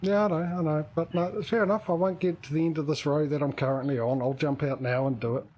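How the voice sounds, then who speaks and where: Male streamer, husky voice, rambling casual gaming chatter. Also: on the high side, fairly even intonation, fast talker, low-quality recording. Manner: rambling, thinks out loud. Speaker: streamer hosting a multiplayer game.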